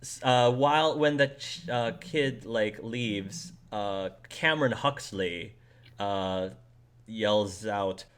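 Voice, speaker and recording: A man running a tabletop game as game master, explaining the setting in an animated way with laughing asides. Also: on the low side, slow, smooth.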